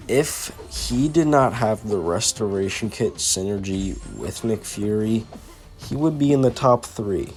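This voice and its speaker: A young man giving casual, excitable game commentary, ranting from low mutters to loud outbursts. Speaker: gaming YouTuber.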